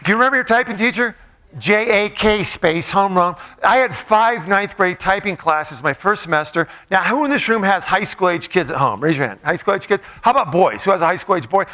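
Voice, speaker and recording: A middle-aged motivational speaker gives a joking, interactive talk to a live audience, directing the crowd in an event room full of tables of listeners. His high voice is animated and brisk, with a sharp tone.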